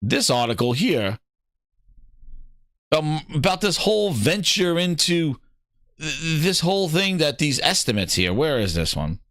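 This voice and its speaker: A man hosting a gaming show, talking in casual, opinionated commentary. He swears freely, mocks other people in put-on voices and gets excited as he reads. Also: a little high, measured pace, no echo, clean studio sound. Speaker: gaming podcast host.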